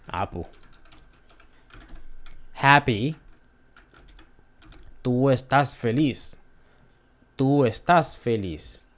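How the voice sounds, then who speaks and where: A man hosting a casual beginner Spanish lesson, hesitant, repeating phrases and correcting himself. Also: mid-range voice. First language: not Spanish. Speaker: language video host. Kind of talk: casual screen-share lesson.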